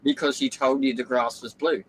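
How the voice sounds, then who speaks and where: A man voicing a weary, wise male lion king in a spoken fable, lecturing calmly. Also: mid-range voice, normal speed, slight background noise, close to an everyday voice, rough recording.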